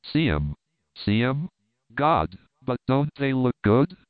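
Eager young ranch guy shouting out, man reading, smooth, dry thin sound. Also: mid-range voice, very animated, slow pace, dry recording, phone-quality sound. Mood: relieved. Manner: eager, exclamatory.

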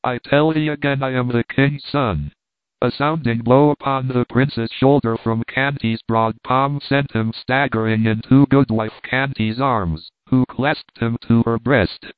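A man's voice: mid-range voice, clean tone, dry recording. Man reading a classic novel, tinny sound. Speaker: audiobook narrator. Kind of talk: scripted narration of a classic novel. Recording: tinny phone-like sound, dry.

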